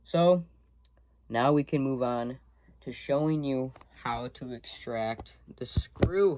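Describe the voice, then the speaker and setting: A man's voice: mid-range voice, slow, darkish tone, slight background noise. Young man talking through a workshop job. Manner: talks through each step while working. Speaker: student demonstrating a workshop task. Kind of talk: casual hands-on demonstration.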